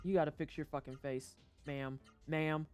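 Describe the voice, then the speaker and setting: A livestreamer chatting casually over a video game, joking and swearing, with sudden high-pitched outbursts. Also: fairly even intonation, moderate pace, a little mellow, smooth, faint music behind. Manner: chatty storytelling aside while playing. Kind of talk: casual gameplay commentary.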